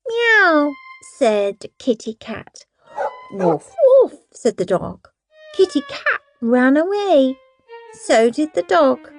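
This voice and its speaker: A woman's voice: high-pitched, very animated, slow, gravelly, soft background music, pitched above the performer's own voice, heavily acted. A woman voicing a little girl who speaks in a simple, matter-of-fact way. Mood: plain. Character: plain-spoken little girl.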